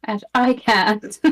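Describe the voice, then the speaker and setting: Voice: high voice, fairly bright tone. A podcast co-host in casual chat, mostly giving short backchannels and dry quips.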